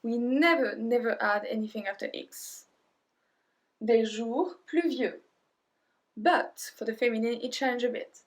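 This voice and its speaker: A French woman with a French accent teaching a beginners' language lesson, repeating words slowly and clearly, at times almost whispering. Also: on the high side, fairly even intonation. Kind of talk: slow instructional language lesson.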